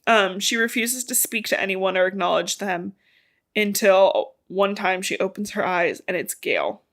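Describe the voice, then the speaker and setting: A woman's voice: mid-range voice, expressive, moderate pace, fairly bright tone. A young woman podcast co-host retelling a novel's plot in casual chat, swearing freely and acting out the characters' lines. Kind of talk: casual book recap chat.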